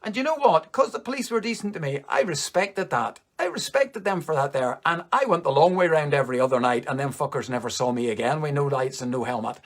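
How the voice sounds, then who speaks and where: A Northern Irish man tells a rambling comic story in a slightly higher-than-usual voice. He swears freely and leaps up in pitch on his punchlines. He is performing for an online comedy show. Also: animated, a little fast, hardly any pauses. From Northern Ireland. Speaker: stand-up comedian. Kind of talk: stand-up storytelling.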